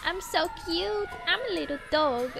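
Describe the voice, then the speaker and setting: A woman's voice: extremely high pitch, lively intonation, unhurried, vocal fry, over music. A young woman streaming a game, giggling and squealing as she role-plays as a puppy. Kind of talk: playful gaming stream.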